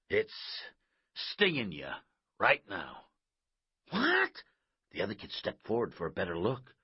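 A man narrating an audiobook in a measured, expressive way, in a slightly muffled recording. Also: low-pitched, slightly rough, no room sound.

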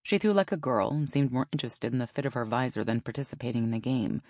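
A woman narrating a novel in an even storytelling manner. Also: extremely low pitch, fast talker, no room sound, studio quality. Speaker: audiobook narrator. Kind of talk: scripted narration.

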